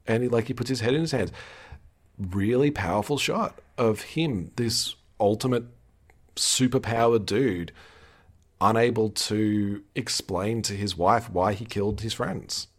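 Male co-host, husky low voice, loose and profane. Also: a little slow. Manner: animated, swears freely, acts out quotes. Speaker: podcast co-host. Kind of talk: casual recap chat.

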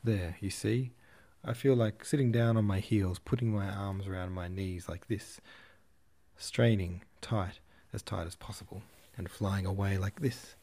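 A man reading the lines of a dreamy, excitable young girl in a storybook, with rapt enthusiasm. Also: low-pitched, measured pace. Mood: enraptured.

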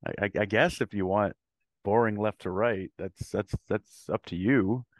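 A low-voiced man teases his host over a video call, laughing and repeating words as he argues. The sound is close and dry. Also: measured pace, dry recording. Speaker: podcast guest. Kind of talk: casual chat.

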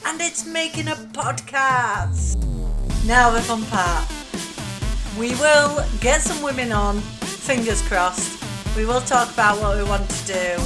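A woman hosting her own podcast, chatting casually, excitable and poking fun at herself. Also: fairly high pitch, measured pace, over loud music. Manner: chatty, excitable, self-mocking. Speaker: podcast host. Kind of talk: casual solo podcast chat.

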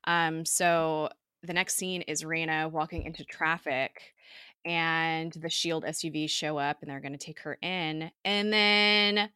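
A woman's voice: sits low, fairly even intonation, unhurried, bright, forceful tone, clean tone, no echo, studio quality. A woman co-hosting a podcast, casually recapping a TV episode in a chatty way, full of fillers and quoted dialogue. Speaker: podcast co-host.

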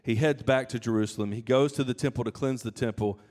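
A man's voice: medium pitch, steady tone, fast talker, darkish tone. A man preaching a sermon in a casual, conversational way, with asides and restarts. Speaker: pastor.

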